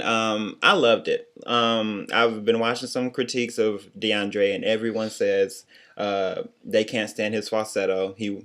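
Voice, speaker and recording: A young man talking in a lowish voice, trading casual critiques with a friend. His delivery is blunt and sassy, full of quick asides and playful digs. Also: a bit bright. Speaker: co-host reviewing singing contest.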